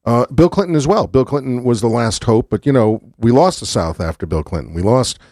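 A man who is a politician, speaking in a measured way on a radio talk show and filling his pauses with um and uh. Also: medium pitch, lively intonation, darkish tone, no room sound, clean studio sound. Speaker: politician guest. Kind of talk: radio studio conversation.

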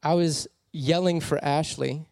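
A man preaching a sermon as a personal story, animated and laughing often as he tells it. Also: on the high side, unhurried, vocal fry, no room sound, clean studio sound.

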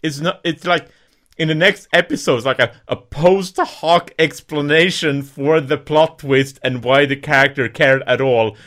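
A man's voice: fairly high pitch, unhurried, a bit bright. Exasperated man complaining on a podcast. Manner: exasperated, complaining, laughs between points. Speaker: podcast co-host. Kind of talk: casual chat.

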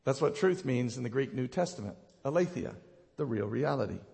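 Gravelly-voiced man preaching in a reverberant hall. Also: medium pitch, lively intonation, fairly quick. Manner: passionate preaching, swings from loud to hushed. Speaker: pastor. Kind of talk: sermon. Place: church sanctuary.

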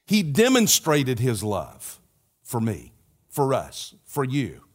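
A man's voice: mid-range voice, huge pitch swings, slow pace. An older man preaching a sermon to his congregation, with an earnest, repetitive cadence and folksy asides. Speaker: pastor.

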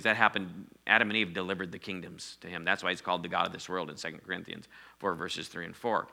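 A middle-aged male pastor preaching a sermon, calling on the congregation to repeat words and swinging between loud declarations and hushed phrases. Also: low voice, flat delivery, fast, vocal fry. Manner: preaching with call-and-response prompts, swinging from loud to quiet.

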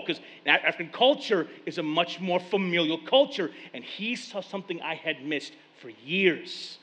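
A male pastor preaching a sermon, retelling scripture stories in lively casual speech. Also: on the high side, moderate pace, few pauses. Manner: animated storytelling, paraphrasing scripture in casual speech. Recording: long reverb of a large hall.

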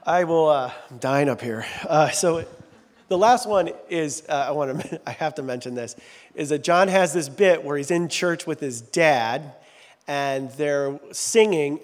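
A man's voice: mid-range voice, in a large hall. A man preaching a sermon as a pastor in a church, talking in a loose, joking, self-deprecating way. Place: large church sanctuary.

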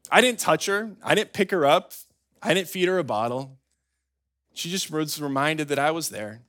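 A man's voice: sits high, moderate pace. A man preaching a sermon as a pastor, telling stories in a conversational way and often checking in with "right?". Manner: conversational, animated storytelling, frequent "right?" asides.

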